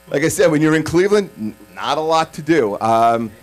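A stand-up comic from Staten Island, delivering a punchy set with quick asides, then chatting casually in an interview. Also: male voice, fairly high pitch, rough recording. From Staten Island, New York.

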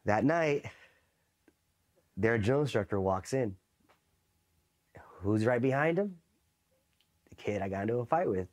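A man's voice: medium pitch, animated, a little slow, long pauses, darkish tone. Profane, easygoing man telling war stories. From East Los Angeles. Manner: profane, loose, peppered with "you know" and "right?". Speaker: Marine veteran guest. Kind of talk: casual storytelling interview.

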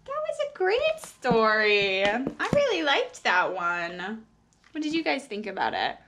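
Over some background noise, a woman preschool teacher with a slightly high voice reads a picture book aloud to little kids. Her reading is expressive, and she pauses to ask them questions.

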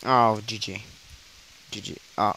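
Excitable young gamer, slow-talking, faint hiss. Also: male voice, on the low side, low-quality recording. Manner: excitable, gasping reactions and repeated exclamations. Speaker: gaming channel host. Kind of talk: live gameplay commentary.

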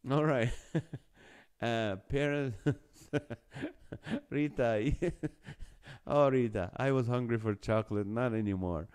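A man's voice: medium pitch, moderate pace, darkish tone, clear, resonant tone. A man with a Middle Eastern accent hosting a live online show, chatting casually, joking and reading viewer comments aloud. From Holy Land. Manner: chatty, jokey, reads viewer comments aloud and laughs often. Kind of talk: casual live-stream chat.

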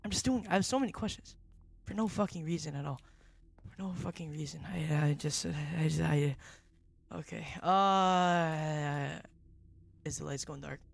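A young man streaming a horror game, jumpy and excitable, who repeats himself in slangy bursts and drops to a whisper when tense. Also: on the high side, normal speed, creaky, no echo. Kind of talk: live gaming commentary.

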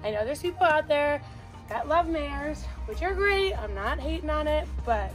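A woman's voice: high-pitched, lively intonation, normal speed, soft background music. A young woman chatting casually while she washes and grooms her horse, now and then coaxing the animals. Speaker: vlogger and horse owner. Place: outdoors and in a barn with horses.

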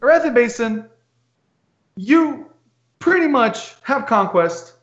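A man co-hosting a casual gaming podcast, ranting in a heated, animated way. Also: very high voice, takes it slowly. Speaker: podcast co-host. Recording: muffled lo-fi audio.

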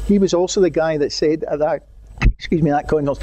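Glaswegian man telling lively anecdotes. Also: a little high, fast, highs cut off. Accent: Scottish, Glaswegian. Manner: storytelling, acts out quotes, urging. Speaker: guest speaker, former head teacher. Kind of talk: anecdotal talk to an audience.

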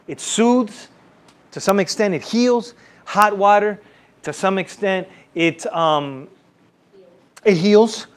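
High-voiced pastor preaching with call-and-response. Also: male voice. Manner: repetitive, emphatic. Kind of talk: sermon.

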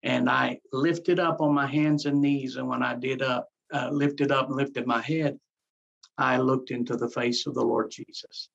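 Gravelly husky-voiced man pastor. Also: mid-range voice, steady tone, unhurried, fairly bright tone. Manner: earnest, repeats phrases, acts out his own past words. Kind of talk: telling his life story in an interview. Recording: dull lo-fi sound.

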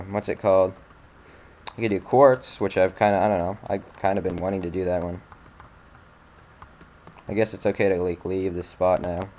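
Sarcastic, swearing young man gaming. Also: sits low. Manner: sarcastic, swears, frustrated outbursts. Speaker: let's play gamer. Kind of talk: casual gameplay commentary.

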